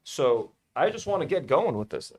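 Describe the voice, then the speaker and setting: A young man talking casually through a hobby build. He is chatty and pleased with himself, his voice sits a little high, and his pitch swings widely. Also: big pitch swings, moderate pace, slightly rough. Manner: chatty and self-delighted, many fillers. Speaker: toy-building channel host. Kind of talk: casual hobby vlog narration.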